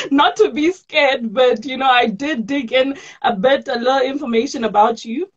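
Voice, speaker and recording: High-voiced South African woman hosting a video chat. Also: big pitch swings, measured pace, slightly rough, lo-fi sound. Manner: laughs often, effusive and repetitive. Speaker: host. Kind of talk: casual video-call chat. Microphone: video call.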